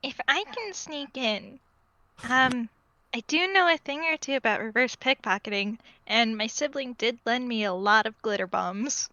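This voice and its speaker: Woman playing a timid little toon, high bright voice, halting, a bit muffled. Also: dry recording. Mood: scheming. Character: shy glitter-loving young toon Fleck.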